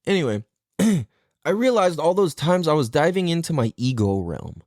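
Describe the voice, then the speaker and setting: Lively rambling male podcast host. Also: a little high, normal speed, no room sound, studio quality. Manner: rambling, profane, self-deprecating. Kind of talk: casual solo podcast monologue.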